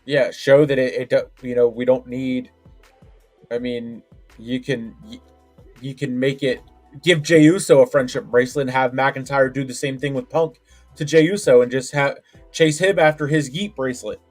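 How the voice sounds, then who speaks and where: A man co-hosting a relaxed wrestling podcast. His voice sits at an ordinary middle pitch and his talk stumbles along with fillers and restarted phrases. Faint music plays quietly behind him. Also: moderate pace. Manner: hesitant, many fillers and restarts. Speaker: podcast co-host. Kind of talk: casual wrestling chat.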